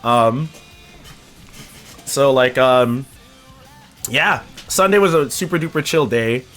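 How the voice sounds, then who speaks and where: Young male streamer, loose and rambling, pitch swinging a lot, on a cheap mic. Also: slow, soft background music. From Canada. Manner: animated, rambling, swearing casually. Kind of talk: casual chat with chat viewers. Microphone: cheap microphone.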